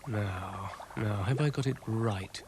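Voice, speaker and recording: A man's voice: on the low side, slow pace, noisy background. A man voicing a grumpy, scheming male dog who grumbles and mutters in a dry way, for a cartoon. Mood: grumbling.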